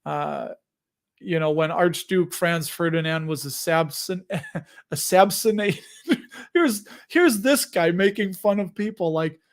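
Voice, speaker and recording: A man's voice: high voice, slow pace. A man in his forties hosting a live investing stream, chatting casually, rambling and laughing at himself. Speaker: host of a live investing show.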